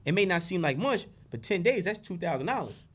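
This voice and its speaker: A man talks on a podcast as a guest, preaching and storytelling with a foul mouth and lots of energy. His voice sits high and leaps around a lot. He tends to drop to a murmur and then burst out loud. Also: brisk, husky. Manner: preachy, animated, profane storytelling. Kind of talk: casual podcast conversation.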